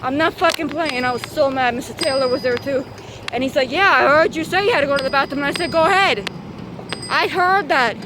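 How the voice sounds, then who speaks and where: A woman telling a personal story in casual storytime style, animated and swearing freely as she acts out what everyone said. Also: high voice, brisk, background noise.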